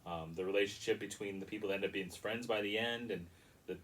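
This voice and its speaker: Distant, low-voiced man reviewing a movie. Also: quick pace, a bit bright, a little hiss or hum. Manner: rambling, critical, frequent restarts. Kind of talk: casual spoken review.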